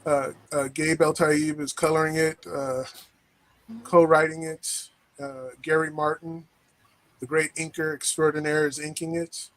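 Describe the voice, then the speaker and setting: Man, guest comic creator, casual chat, hesitant, halting, flat monotone. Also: on the high side, rough recording. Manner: hesitant, halting, many uh fillers.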